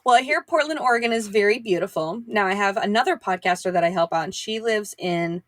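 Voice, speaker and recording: A woman's voice: mid-range voice, fast, no echo, studio quality. A woman hosting a podcast, bubbly and effusive, talking in a chatty, casual way with her guest. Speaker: podcast host. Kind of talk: casual interview chat.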